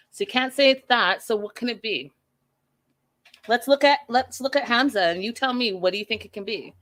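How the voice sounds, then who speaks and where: A woman hosting a live show recap, giving her opinions in an animated way and talking to the live chat. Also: medium pitch. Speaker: host.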